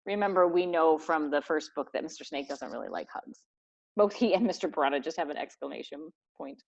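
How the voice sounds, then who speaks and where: Lively teacher reading to her class. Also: low-pitched, a little fast. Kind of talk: reading a book aloud to students. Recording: dull lo-fi recording.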